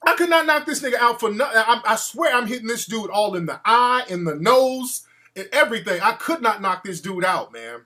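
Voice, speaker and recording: A man hosting a call-in show, telling a story in an animated, profane way and acting out the quotes. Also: high-pitched, brisk. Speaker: radio show host.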